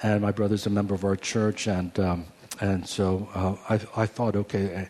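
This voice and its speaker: A man's voice: fairly low pitch, flat delivery, normal speed, dark tone. A man in his forties, a pastor, earnestly telling a personal story in a sermon. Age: 40s. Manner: earnest storytelling with many restarts. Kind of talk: sermon testimony.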